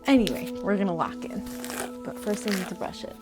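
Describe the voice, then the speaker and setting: A woman's voice: mid-range voice, expressive, brisk. A young American woman with a put-on Southern lilt, chatting playfully and sarcastically to camera at home in a vlog. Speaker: vlogger. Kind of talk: casual on-camera vlog chat. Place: at home, dyeing her hair. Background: music playing underneath.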